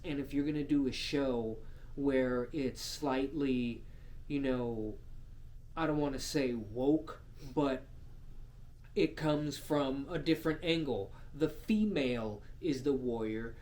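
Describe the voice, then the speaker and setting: A man co-hosting a podcast, telling stories in casual chat, full of swearing and quick asides. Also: medium pitch. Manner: animated, profane storytelling with frequent laughs. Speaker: podcast co-host.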